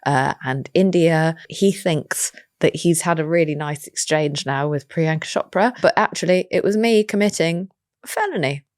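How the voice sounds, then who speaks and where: A woman, telling an animated anecdote as an interview guest, swearing freely and acting out voices. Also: low-pitched, moderate pace, no room sound, studio quality. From England. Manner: lively storyteller, swears freely, acts out voices. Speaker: actress guest.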